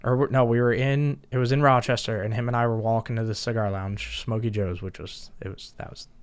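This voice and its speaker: A man who is a guest on a podcast, telling stories in a casual, animated way and laughing often. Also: mid-range voice, brisk, smooth. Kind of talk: casual storytelling.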